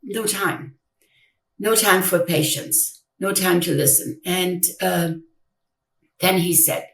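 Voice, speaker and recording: An older woman giving a personal account in an interview, speaking haltingly and repeating her words as she retells conversations. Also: fairly low pitch, vocal fry, a bit bright. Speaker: interview guest, grieving mother. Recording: echoey room, distant mic.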